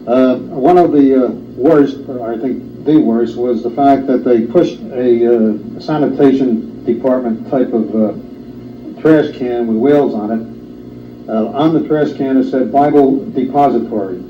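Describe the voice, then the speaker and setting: A man speaking as a guest in a studio discussion, halting with many filler sounds and an indignant tone. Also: mid-range voice. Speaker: talk show guest. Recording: roomy, distant, dull old studio tape with faint hiss.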